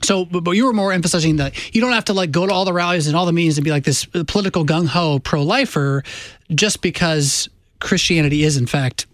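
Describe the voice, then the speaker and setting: A man's voice: fairly high pitch, fast talker, fairly bright tone, no room sound. A man, a pastor in a theology discussion, probing and clarifying with frequent "right?" tags.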